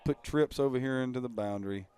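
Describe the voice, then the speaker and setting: A man's voice: mid-range voice, quick pace, warm tone, smooth. Bantering male football color commentator.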